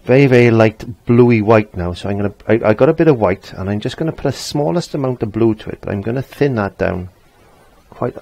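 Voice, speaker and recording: A man's voice: fairly low pitch, lively intonation, fast, gravelly, warm tone, husky, no room sound. A man giving a chatty step-by-step painting tutorial, repeating phrases as he works. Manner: chatty, repeats himself while working. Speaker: painting teacher.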